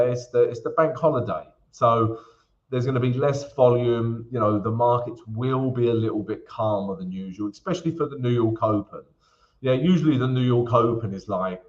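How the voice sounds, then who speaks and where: A man's voice: mid-range voice, dull audio. A man hosting a casual live-stream Q&A about trading, chatty and greeting viewers by name, calling them guys and mate.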